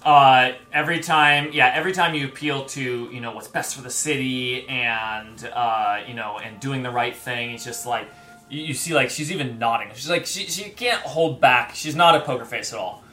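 Man animated game master, bright voice. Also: mid-range voice, normal speed. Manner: rambling, animated storytelling with many fillers. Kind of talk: narrating a tabletop game.

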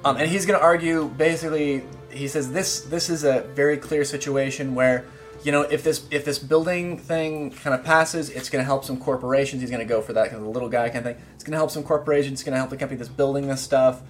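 A man playing a tabletop role-playing game, explaining his character's argument in a halting, filler-heavy way. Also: mid-range voice, faint music behind. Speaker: player.

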